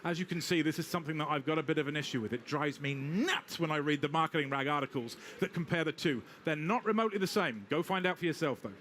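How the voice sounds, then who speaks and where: A high-pitched British man presenting live at a tech conference. He is brisk and wry and speaks straight to the crowd, with a faint hiss of noise under him. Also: fairly bright tone. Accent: British English. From Britain. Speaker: technical presenter. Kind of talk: live conference talk with demo.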